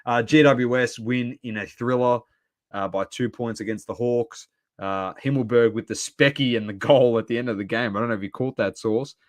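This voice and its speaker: Animated Australian man ranting about footy. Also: medium pitch, normal speed. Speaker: podcast co-host. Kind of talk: casual sports chat.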